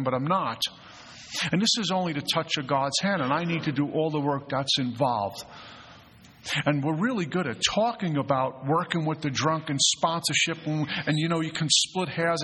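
A middle-aged man with a husky voice gives an earnest recovery talk to a group, telling personal stories with many restarts and stammered fillers. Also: fairly high pitch, fairly bright tone. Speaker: retreat facilitator. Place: mountain retreat hall. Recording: echoey hall recording.

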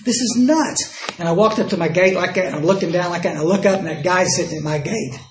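Talking very fast in a high voice, an older man from Texas shares folksy, self-deprecating stories as a speaker at a recovery dinner, acting out both parties in every exchange. The dinner hall sound is roomy, with a little hiss or hum.

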